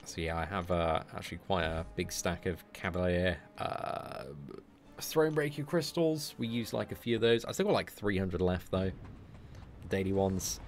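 A man's voice: low-pitched, lively intonation, moderate pace. A man giving live commentary on a mobile game to his viewers, chatting with chat and breaking into sweary, frustrated outbursts. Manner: chats to his viewers between fights.

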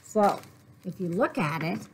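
A woman librarian reading a picture book aloud to young children, slow and clear. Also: on the low side, sing-song, a little mellow, a little hiss or hum. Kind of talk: storytime read-aloud.

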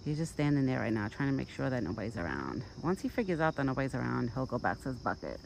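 Low-voiced woman chatting outdoors. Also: sing-song, fast, gravelly, slight background noise, rough recording. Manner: rambling and chatty, full of "like" and "you know"; soft, high-pitched cooing when soothing her deer. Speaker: vlogger. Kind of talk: casual outdoor vlog chat. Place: outdoors in a rural yard. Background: crickets and outdoor nature sounds.

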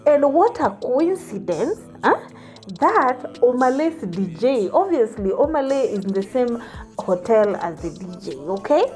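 A woman's voice: fairly high pitch, very animated, measured pace, darkish tone, soft background music. A woman hosting a celebrity gossip vlog, sassy and teasing, often saying honey.

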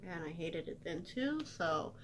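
A woman's voice: on the low side, animated, measured pace, a little hiss or hum. A young woman vlogger telling a personal story in casual chat, chatty and self-deprecating with lots of fillers.

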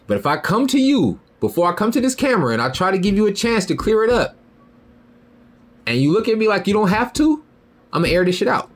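A man in the middle of a ranting podcast monologue, his pitch leaping around in lively swings. He talks heated and profane, jumping up into loud high outbursts and then dropping low and muttering. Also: fairly quick. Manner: heated, profane, repeats "you feel me" and "bro". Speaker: podcast host.

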